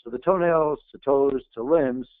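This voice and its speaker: A man's voice: mid-range voice, moderate pace, no room sound. Earnest man on a tinny line. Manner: earnest, emphatic storytelling. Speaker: guest speaker, retired Navy SEAL. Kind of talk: motivational talk. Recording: tinny phone-like, dry.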